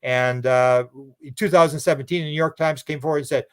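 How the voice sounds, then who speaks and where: A man's voice: on the high side, steady tone, fast. A man talking as a radio show guest in a loose, rambling way, often repeating words and restarting sentences. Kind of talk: casual radio interview talk.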